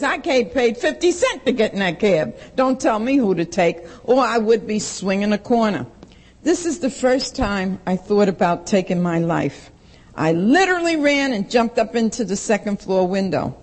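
Woman, recovery-meeting speaker, candid and emphatic testimony, a touch high-pitched. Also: expressive, moderate pace, poor audio. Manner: blunt and emphatic, repeats for stress. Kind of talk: personal testimony to an audience.

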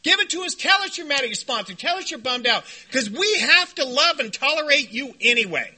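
A man speaking to a recovery meeting, telling stories in an animated, joking way and shouting when he acts out what others said. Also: very high-pitched, brisk. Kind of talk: storytelling talk to a meeting. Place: meeting room before a group.

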